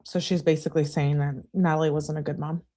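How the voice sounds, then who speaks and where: A woman's voice: low voice, level tone, quick pace, warm tone. Woman reading texts on a livestream. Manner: reads texts with "she says" tags, chats with viewers. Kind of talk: live stream reading aloud.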